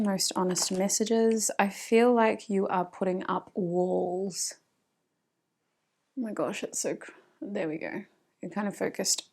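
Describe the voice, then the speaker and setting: A woman's voice: mid-range voice, vocal fry, darkish tone, a little hiss or hum. A woman with an Australian accent giving a casual tarot reading, chatting to spirit and to her viewers and often laughing. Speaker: tarot reader.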